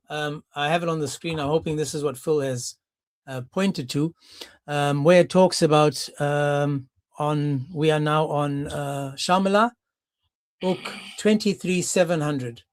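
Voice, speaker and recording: A man's voice: on the high side, unhurried, dry recording. A man hosting a heated live-stream debate, combative and mocking, often cutting others off. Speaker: debate host.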